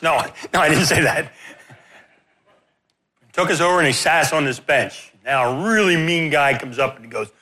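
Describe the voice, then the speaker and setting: A man preaching in a sermon, telling a story in an animated, self-deprecating way. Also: a little high, moderate pace, pauses often.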